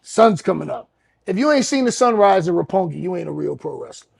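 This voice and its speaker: Gravelly, husky man telling stories. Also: high-pitched, big pitch swings, fairly quick, darkish tone, no echo. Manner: loose, profane, laid-back street talk. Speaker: podcast co-host. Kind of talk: casual storytelling chat.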